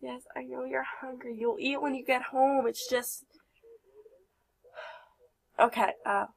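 A woman's voice: high-pitched, fairly even intonation, measured pace, gravelly, slightly rough. A young woman giving casual let's play commentary, chatty and giggly, talking to her game characters. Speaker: gameplay commentator.

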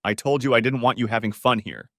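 A man's voice: mid-range voice, very animated, brisk, fairly bright tone, no room sound. A man plays a betrayed husband in a storybook reading, cold and cutting with a sarcastic edge. His voice rises a little above the narration and lifts and falls with feeling, in a dry, close recording. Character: cold, bitter husband confronting his wife.

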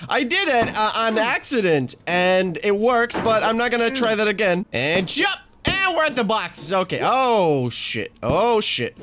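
A man's voice: high-pitched, big pitch swings, a little slow, hardly any pauses, noisy background. Frustrated gamer guy swearing at the game. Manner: frustrated, swearing, talking to himself and shouting at the game. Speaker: let's play host. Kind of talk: gaming commentary.

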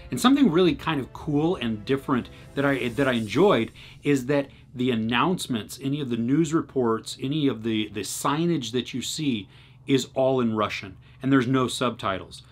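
A man with a husky, medium-pitched voice hosts his own movie review channel, talking through a series in a casual solo video. He comes across as conversational and earnest, restarting his sentences often.

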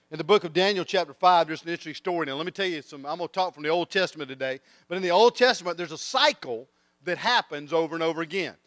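Lively, bright-voiced preacher. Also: male voice, fairly high pitch, rapid-fire, dry recording, studio quality. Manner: animated storyteller, acts out voices. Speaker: guest preacher. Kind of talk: sermon with comic storytelling. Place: church.

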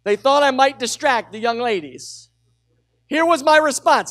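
A middle-aged man preaching a sermon as pastor, telling a personal story with lively energy and urging the congregation to call out. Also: extremely high pitch, unhurried. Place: church sanctuary with a congregation.

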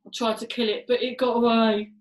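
A woman's voice: on the high side, little pitch movement, fairly quick, natural voice. Woman doing a mean old trickster man. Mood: teasing. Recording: roomy echo.

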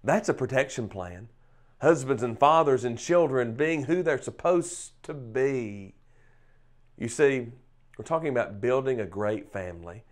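A man giving a short devotional talk on scripture, emphatic, with pauses and swells in loudness. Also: mid-range voice, lively intonation. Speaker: preacher.

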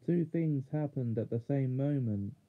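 A man reading a children's fantasy chapter aloud in steady storybook narration. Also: mid-range voice, measured pace. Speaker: audiobook reader. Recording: narrow phone-like sound.

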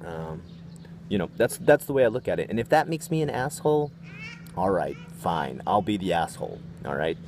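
A man with a deep, low voice rambles through a story for his vlog, swearing freely and getting worked up as he retells it. A faint hum sits behind him. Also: moderate pace. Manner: profane, rambling, animated retelling. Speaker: vlogger. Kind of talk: casual storytelling rant.

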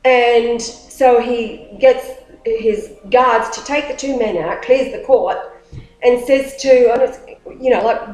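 A woman's voice: a little high, slow pace. Woman retelling a story in a roomy space. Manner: rambling, animated retelling with many restarts. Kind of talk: casual storytelling talk. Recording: roomy echo.

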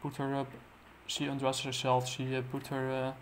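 Man, flat delivery, halting comic recap with lots of "uh"s, faint background hiss. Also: medium pitch. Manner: halting, full of "uh" fillers and restarts. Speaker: comic book reviewer. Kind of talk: casual plot recap.

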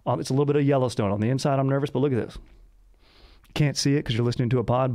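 Laid-back bro host saying "dude" constantly. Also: male voice, medium pitch, fairly even intonation, racing, dark tone, no echo, studio quality. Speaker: podcast host. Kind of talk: casual comedic monologue.

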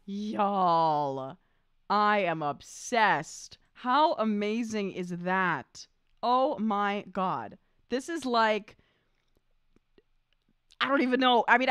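A woman chatting on a live reaction stream, effusive and gushing, her talk full of "like" and "I mean." Her voice sits at an ordinary middle pitch. The sound is dry and close, with no room around it. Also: fairly bright tone, clean tone, dry recording. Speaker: opera singer and vocal coach hosting a reaction stream.

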